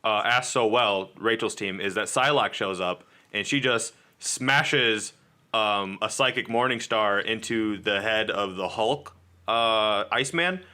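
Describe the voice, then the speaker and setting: A man's voice: on the low side, measured pace, pushed and bright. A man co-hosting a podcast, casually recapping comic book issues and acting out the characters' lines. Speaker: podcast co-host.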